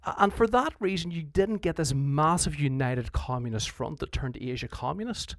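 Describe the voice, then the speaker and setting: A man's somewhat high, fairly bright voice comes through animated and at normal speed, in a studio-quality recording with no room sound. As a history teacher, he explains events in a relaxed, conversational way, repeatedly restarting his sentences and voicing what leaders said.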